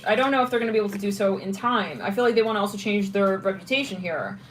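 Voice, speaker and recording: A woman talking her way through a tarot reading in a loose, chatty manner, circling back and restarting as she thinks aloud. Her voice sits at an ordinary pitch for a woman, with a faint hiss of noise underneath. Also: very fast, low-quality recording. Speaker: tarot reader.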